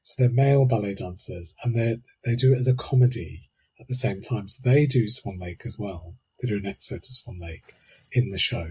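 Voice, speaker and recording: A man co-hosting a casual podcast chat, relaxed and rambling. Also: fairly low pitch, a little fast, slight background noise. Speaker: podcast co-host.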